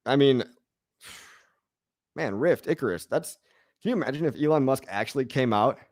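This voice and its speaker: Man, thirties, casual livestream Q&A host, slangy, easygoing, mid-pitched, dry. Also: lively intonation, moderate pace, darkish tone, dry recording. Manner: slangy, laid-back, laughs often. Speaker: crypto show host.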